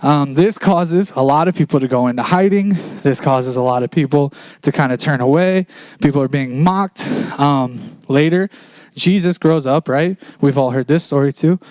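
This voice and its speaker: A man preaching a casual sermon in a church, retelling scripture as a relaxed story in everyday slang. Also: fairly high pitch, normal speed, no echo.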